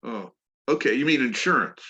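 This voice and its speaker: A man's voice: medium pitch, expressive, bright, forceful tone, husky, muffled recording. A man playing a hesitant homeowner. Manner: hesitant, halting. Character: hesitant middle-aged male homeowner prospect.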